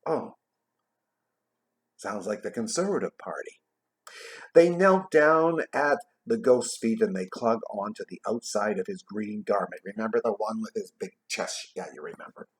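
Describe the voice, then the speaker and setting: A man casually retelling a classic story in a vlog, tossing in jokey asides and trailing off quietly at the ends of his thoughts. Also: fairly low pitch, normal speed. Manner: chatty, jokey, adds asides while retelling. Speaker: vlogger reading a classic novel aloud.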